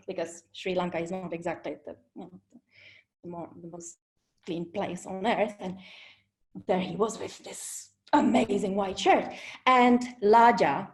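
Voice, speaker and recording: A woman telling a personal story to an online audience, animated, with dramatic pauses and acted-out quotes, over a video call. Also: medium pitch.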